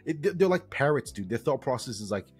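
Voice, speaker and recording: A man's voice: mid-range voice, sing-song, quick pace, husky, soft background music. A man co-hosting a podcast in casual chat, ranting heatedly with lots of swearing. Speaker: podcast co-host.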